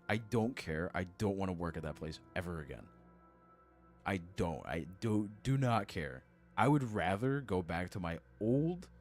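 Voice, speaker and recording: Very deep-voiced man venting on stream. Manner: venting, exasperated, sarcastic. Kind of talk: casual chat to stream.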